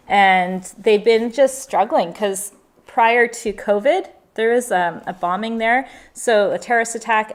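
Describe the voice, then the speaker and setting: A woman in her forties, a travel vlogger and mother, chatting casually on a live Q&A and acting out the voices in her stories. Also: medium pitch. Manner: animated storyteller, acts out quotes.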